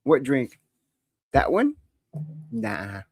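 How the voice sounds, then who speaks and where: A woman's voice: very deep voice, big pitch swings, extremely slow, darkish tone, slightly rough. A woman hosting a live call-in stream, joking in a bawdy, teasing way and laughing often.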